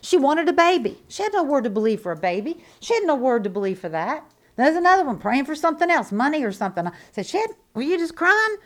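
Emphatic, fairly high-voiced woman preaching a sermon. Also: big pitch swings, quick pace. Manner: emphatic, repetitive, swinging between loud declarations and quiet asides; conversational and folksy, with restarts and rhetorical questions.

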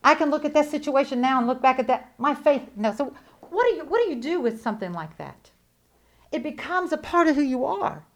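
A woman with a drawl preaches her testimony in a somewhat high voice. She is emphatic, rising to loud proclamations and dropping to quiet, intimate asides. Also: fairly quick. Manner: animated, emphatic, swings between loud declarations and hushed asides. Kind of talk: sermon testimony.

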